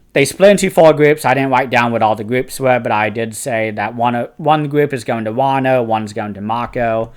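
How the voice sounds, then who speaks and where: A man's voice: mid-range voice, clean tone. A man hosting a manga review channel, talking through a casual spoken review in an eager, chatty way with frequent fillers and restarts. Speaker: host of a fantasy book and manga review channel.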